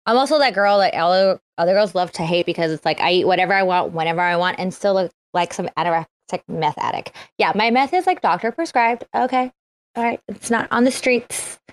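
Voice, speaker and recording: A woman's voice: lowish voice, a little fast, dry recording. A woman comedian telling bawdy jokes in a casual online audio chat. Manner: bawdy, brash, joking. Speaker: comedian guest.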